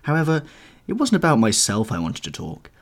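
A man's voice: medium pitch, huge pitch swings, brisk, voice pushed up. A man voicing a grave, earnest male painter in an audiobook, pleading with mounting urgency. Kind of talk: audiobook character reading.

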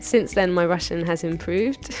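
Woman, thirties, low-pitched, chatty anecdote, candid tone. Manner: candid, chatty retelling with frequent hedges. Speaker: storyteller. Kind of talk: personal anecdote.

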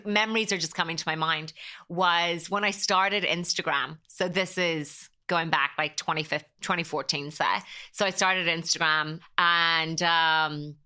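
Bright-voiced Irish woman, chatty and emotional. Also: lowish voice, clear, resonant tone. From Ireland. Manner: chatty, rambling, heavy use of "like"; openly emotional. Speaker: podcast guest. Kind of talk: casual interview chat.

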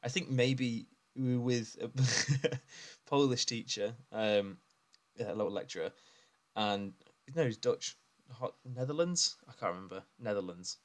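A man's voice: mid-range voice, unhurried. A man co-hosting a podcast, telling stories in a rambling, casual way and laughing often as he talks. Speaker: podcast co-host. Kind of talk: casual chat.

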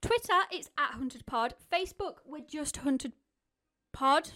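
A woman co-hosting a podcast in casual chat, agreeable and quick to back up her partner. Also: sits high, animated, bright, forceful tone. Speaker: podcast co-host.

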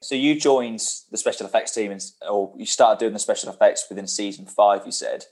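A man's voice: fairly low pitch, a little fast, darkish tone. A male podcast co-host asking plain questions and reacting briefly in casual chat.

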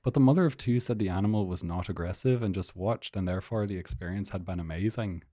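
A man putting on a deep generic Irish voice. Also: fast talker, mellow, no room sound, clean studio sound. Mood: playful reading. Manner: playful read-aloud. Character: man putting on a generic Irish accent reading news quotes.

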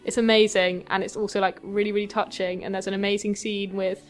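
A woman's voice: medium pitch, flat delivery, fast. A woman co-hosting a casual pop culture podcast, chatty and enthusiastic with lots of fillers. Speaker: podcast co-host.

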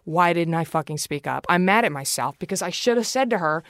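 A woman's voice: on the low side, animated, fairly quick, no echo. Emphatic, swearing woman on dry mic. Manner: profane, emphatic, self-deprecating venting. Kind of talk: casual chat.

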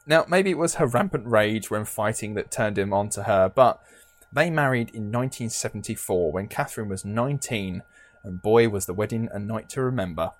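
A man's voice: lowish voice, animated, moderate pace. A man co-hosting a podcast, telling a true crime story in a casual, joking way and laughing often. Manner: chatty, laughs often, jokey.

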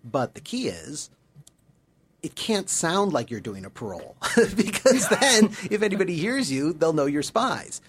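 Gravelly, husky-voiced man co-hosting. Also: a little high, very animated, measured pace, a bit bright. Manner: reflective, thinks aloud with restarts. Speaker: podcast co-host, former spy. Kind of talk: casual conversation.

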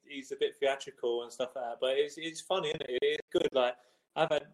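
A young footballer guesting on a sports podcast, in a mid-pitched voice. He talks hesitantly and restarts his sentences often. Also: low-quality recording. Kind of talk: casual sports chat.

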